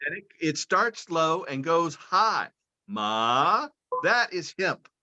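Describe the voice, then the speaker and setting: Brief: male interview guest on a video call, bright tone, dull muffled sound, explains step by step. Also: on the high side, lively intonation, takes it slowly. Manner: patient, lecturing, explains step by step. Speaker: guest, cannabis and hemp advocate.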